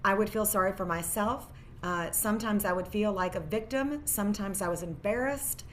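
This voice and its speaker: A woman's voice: medium pitch, moderate pace, a bit bright, a little hiss or hum. A woman in her forties, a divorce lawyer guest, telling her story earnestly with many fillers. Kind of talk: interview storytelling.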